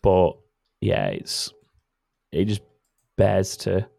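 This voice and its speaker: Male podcast host, low gravelly voice, dry close mic, loose chatty delivery with frequent self-corrections. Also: sing-song, drawn-out words, mellow, no room sound. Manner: rambling, self-correcting, laughs often. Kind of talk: casual chat.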